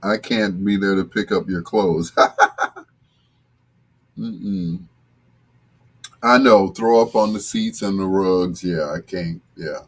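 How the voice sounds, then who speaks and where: An older man hosting a casual live stream with a deep, husky voice, chatting in a relaxed, joking way as he reads out viewer comments. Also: slow pace, long pauses. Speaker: host reading viewer comments.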